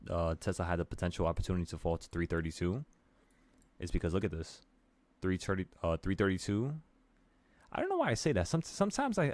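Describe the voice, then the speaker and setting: A man's voice: deep voice, no echo. A man hosting a casual late-night trading stream, walking through charts in a loose, offhand way and swearing now and then. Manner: relaxed, swearing, talks to viewers with "bro".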